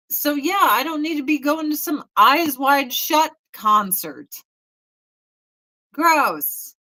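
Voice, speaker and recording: Profane, bright-voiced woman in her forties. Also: high-pitched, expressive, slow, poor audio. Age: 40s. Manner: blunt, profane, mocking mimicry. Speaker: host. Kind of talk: casual chat.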